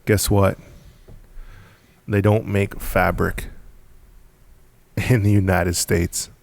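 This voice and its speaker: Gravelly deep-voiced man telling a story. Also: level tone, drawn-out words. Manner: emphatic, repetitive, punchy storytelling with frequent laughs. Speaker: podcast guest, business founder. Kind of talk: casual storytelling in conversation.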